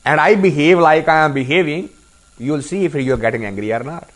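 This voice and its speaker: A man's voice: a little high, fairly quick. A middle-aged man giving a live spiritual discourse to a group, asking rhetorical questions and acting out little dialogues. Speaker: spiritual teacher.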